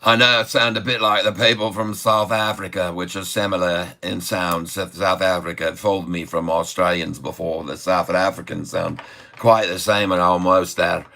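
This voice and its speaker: A man hosting a live trading stream who rambles excitedly and laughs often. His voice sits a little low but sounds bright and forceful. He talks in an offhand way to his viewers. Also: normal speed, creaky. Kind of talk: live stream chart commentary.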